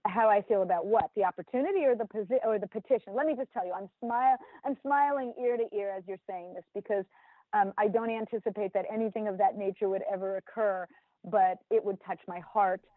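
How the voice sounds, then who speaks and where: Measured, formal-sounding woman guest. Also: mid-range voice, dry recording, narrow, tinny audio. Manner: measured, formal phrasing with frequent ums. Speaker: interview guest, former football executive. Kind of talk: casual interview chat.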